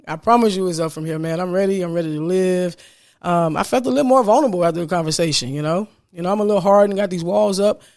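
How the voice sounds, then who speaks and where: A man's voice sits high and a bit mellow as he hosts a podcast alone. He talks casually and from the heart, sounding upbeat with a smile, and frequently says "man."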